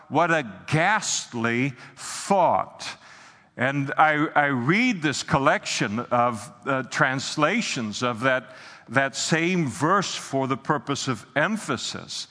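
A man delivers an earnest sermon, stopping often for filler sounds and restarting his phrases. His voice is bright and forceful, and a long reverb trails after each phrase, as in a large hall. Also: mid-range voice, animated, slow pace. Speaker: pastor.

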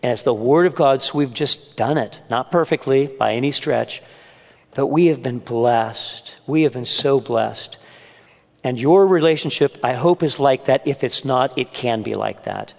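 A man's voice: medium pitch, unhurried, vocal fry, darkish tone. An older man preaching to a men's gathering at church, earnest and mixing in humorous family stories. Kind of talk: sermon. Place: church meeting room. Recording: long hall reverb.

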